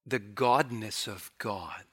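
A man preaching a sermon, breaking into loud, excited bursts and then dropping to hushed, quiet emphasis, with playful mock taunts when he acts out quoted speech. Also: slow pace, breathy edge. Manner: animated, swings from loud bursts to hushed lows.

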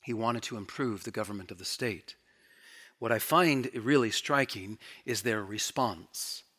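A man preaching a sermon, breaking into loud, excited bursts and then dropping to hushed, quiet emphasis, with playful mock taunts when he acts out quoted speech. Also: a little slow. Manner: animated, swings from loud bursts to hushed lows.

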